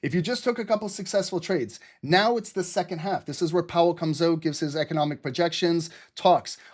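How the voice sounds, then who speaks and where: A man hosting a live trading stream, talking fast and excitedly, laughing often and swearing casually. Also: fairly high pitch. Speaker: livestream trading host.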